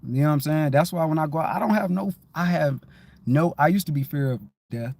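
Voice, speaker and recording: A man's voice: on the high side, a little fast, darkish tone. Rambling laid-back man. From Detroit, USA. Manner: rambling, keeps repeating "you know what I'm saying"; laid-back, loose and conversational. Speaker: livestream host. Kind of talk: casual spiritual livestream monologue.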